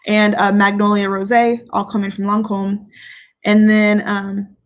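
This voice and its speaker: Gravelly, candid woman chatting on a livestream. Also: medium pitch, fairly bright tone. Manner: candid and playful, swears freely, laughs often. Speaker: fragrance reviewer and host. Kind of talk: casual livestream chat, reading viewer comments.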